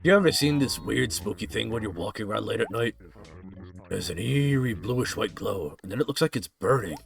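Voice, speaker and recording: A man voicing a gruff, chummy male tiger villager while reading game dialogue aloud. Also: on the low side, animated, a little fast, soft background music. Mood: spooky.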